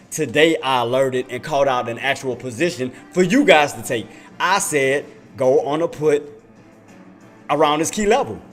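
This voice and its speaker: A man giving casual trading commentary to his viewers, repeating himself emphatically. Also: fairly high pitch. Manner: repetitive, emphatic, addresses viewers as y'all. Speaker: day trader and livestream host.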